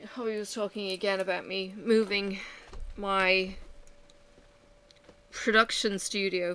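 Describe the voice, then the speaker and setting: A woman's voice: medium pitch, sharp tone, clean tone. A woman chatting at home while she works on a craft, venting candidly about her day with frequent sighs. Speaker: vlogger. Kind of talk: casual chat while crafting.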